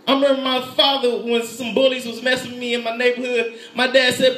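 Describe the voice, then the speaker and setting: A man preaching a lively sermon with an animated, playful delivery, laughing and shouting in bursts. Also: extremely high pitch, fairly quick. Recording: echoey room.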